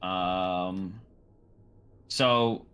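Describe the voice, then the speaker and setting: A man's voice: sits low, steady tone, extremely slow, fairly bright tone, clean tone. A man playing a tabletop game, chatting in a laid-back, slangy way and asking questions about the rules. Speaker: player. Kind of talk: casual tabletop play chat.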